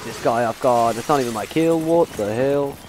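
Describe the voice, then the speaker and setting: A teenage man giving profane, excitable commentary on his own gameplay in a put-on accent, with game gunfire behind him. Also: mid-range voice, normal speed, noisy background. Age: teens. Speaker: gamer.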